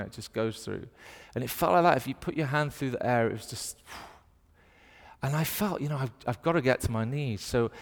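Northern English preacher in a big hall. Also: male voice, medium pitch. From north of England. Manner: animated storytelling with playful put-on voices. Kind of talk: sermon.

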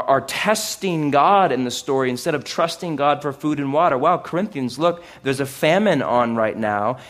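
A man preaching a sermon in an animated way, with loud exclamations, hushed asides and sarcastic, self-mocking humor. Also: medium pitch. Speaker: pastor.

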